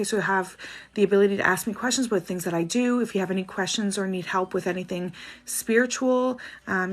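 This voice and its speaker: A Canadian woman reading viewer questions on a livestream and giving quick answers, with soft apologetic asides. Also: medium pitch, creaky. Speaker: spiritual reader doing live dowsing rod answers.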